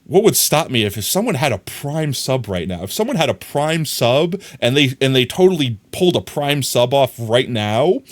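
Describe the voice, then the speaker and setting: A young man streams live and talks straight to his chat in a playful, teasing way. His pitch sits in the middle, but it swings up and down with lively, animated energy. This is casual, loose gaming-stream talk. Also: normal speed, few pauses. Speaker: livestreamer.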